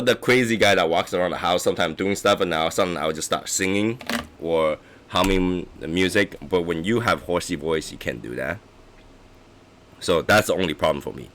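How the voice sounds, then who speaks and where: A hoarse man hosting a casual cigar chat stream, rambling with halting restarts and clearing his throat often. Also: low voice, fairly bright tone. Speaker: livestream host reviewing cigars.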